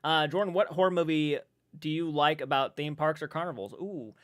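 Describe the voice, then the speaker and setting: Man live-streaming from home, rambling chat, swears a lot, fairly high voice, dry sound. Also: a little fast, dry recording. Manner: rambling, swears freely, reads chat aloud.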